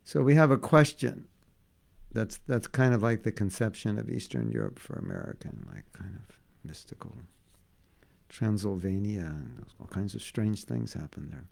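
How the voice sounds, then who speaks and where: Gravelly, joking spiritual teacher, male. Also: fairly low pitch, very animated, normal speed, darkish tone. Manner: joking, conversational, repeats for emphasis. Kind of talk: casual devotional class.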